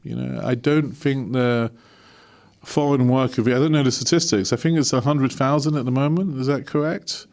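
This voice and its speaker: A middle-aged man from London, speaking as an honorary consul in a casual interview, jovial and animated, laughing often. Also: mid-range voice, normal speed. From England.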